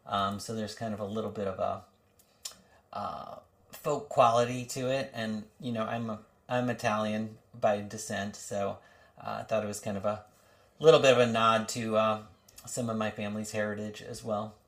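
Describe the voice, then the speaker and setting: A man's voice: lowish voice, fairly even intonation, normal speed. A man, a songwriter guest in a casual interview, talking hesitantly with many fillers.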